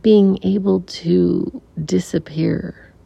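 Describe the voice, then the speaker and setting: Slow, creaky-voiced middle-aged woman. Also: on the low side, fairly even intonation, no room sound. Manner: soft-spoken, halting, many restarts; drops to near-whispers. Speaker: podcast guest. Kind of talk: reflective personal storytelling. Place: room in a family home. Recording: dull recording with faint air conditioner hum. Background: air conditioner hum.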